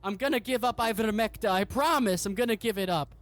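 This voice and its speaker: A desperate grown son, put on by a man running a tabletop game pleads in a high, strained voice pitched far above the narrator's own. His words come out loud and urgent. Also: a little fast. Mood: pleading. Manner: pleading, strained, rising to shouts.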